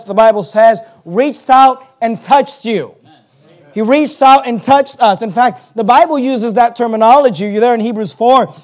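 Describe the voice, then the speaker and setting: A man preaching from the pulpit in a high, ringing voice. He leans hard on scripture lines and stretches out the words he wants to land. Then he rattles off quick side remarks to the congregation. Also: darkish tone. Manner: preaching, reading King James scripture aloud with emphasis; slows down to stress key words, rushes asides. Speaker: pastor. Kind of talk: sermon.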